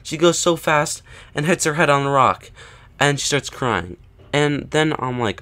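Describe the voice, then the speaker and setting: A man's voice: on the high side, lively intonation, unhurried, pushed and bright. A man casually telling a story to camera, often checking in with "right?" and "okay?" and acting out what people said. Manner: acts out quoted lines with rising emphasis. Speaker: vlogger.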